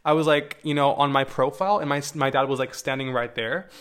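A man's voice: mid-range voice, fairly even intonation, a little fast, a bit bright. Candid young man telling stories. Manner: candid and profane, with wry asides. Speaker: vlogger. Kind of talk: casual storytelling to camera.

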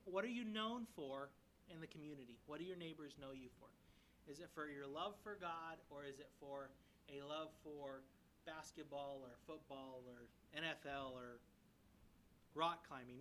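Young man, sermon, bright ringing voice, a little high, conversational asides, emphatic questions, faint background hiss. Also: echoey room, rough recording. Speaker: church member preaching.

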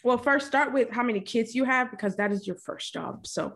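A woman hosting a casual interview over a video call, bubbly and chatty, repeating how excited and nervous she is. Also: a little high, brisk, gravelly. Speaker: podcast host. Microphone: computer mic on a video call.

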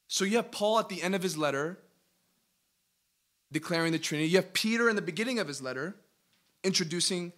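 A man leading a Bible study, reading verses aloud with emphatic, animated delivery and quick questions to his listeners. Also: on the high side. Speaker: Bible teacher.

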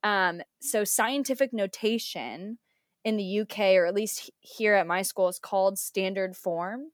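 A woman's voice: medium pitch, a little slow, no echo, studio quality. A young American woman, a teacher, talking casually in a conversation with many fillers and restarts. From United States.

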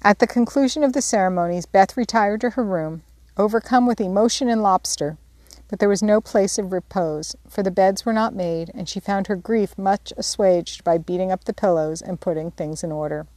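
A woman with a medium-pitched voice, working as an audiobook narrator, reads a classic novel aloud in scripted narration. Her storytelling is measured and expressive, and the recording has no room sound.

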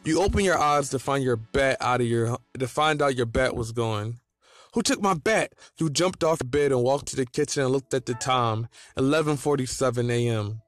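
A man's voice: medium pitch, normal speed, few pauses. A man reading a second-person fan story aloud as its narrator.

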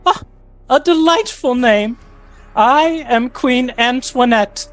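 A man voicing a vain, grand female ant queen in a high, gushing voice with trilling laughs. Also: slow, soft background music.

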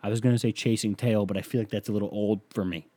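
A man's voice: fairly low pitch, steady tone, fast talker, dark tone. A man hosting a casual solo podcast from a small home studio, talking crude and rambling and mocking himself, close on a sensitive mic. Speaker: podcast host.

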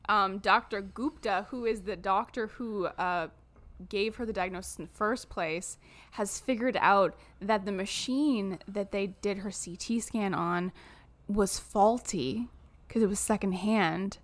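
A woman's voice: medium pitch, unhurried. A woman co-hosting a podcast, recapping a movie in casual, jokey chat with some swearing. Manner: animated, swearing, jokey storytelling. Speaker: podcast co-host.

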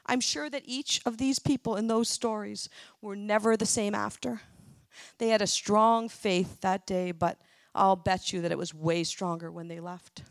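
A woman's voice: mid-range voice, no room sound. A middle-aged woman sharing a personal testimony at church, earnest and emotional. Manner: earnest, emotional, tearful at times. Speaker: church speaker.

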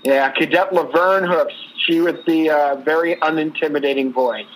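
A man's voice: on the high side, normal speed, a bit bright, slight background noise, low-quality recording. A man co-hosting a sports podcast in casual chat, joking dryly and hesitating with fillers. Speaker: podcast co-host.

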